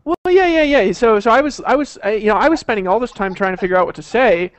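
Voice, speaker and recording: A man with a fairly high voice tells a long, rambling story in casual chat, swearing freely and tripping over repeated words. The sound is dry and close, as on a video call. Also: expressive, fast talker, dry recording. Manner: rambling, profane, repeats words and restarts often. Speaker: network marketer telling a story.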